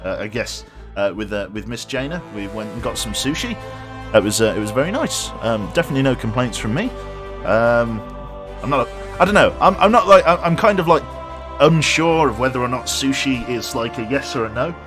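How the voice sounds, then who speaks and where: A man's voice: mid-range voice, lively intonation, brisk, over music. A man casually chatting through a live game stream, rambling, swearing freely and thanking his viewers as he plays.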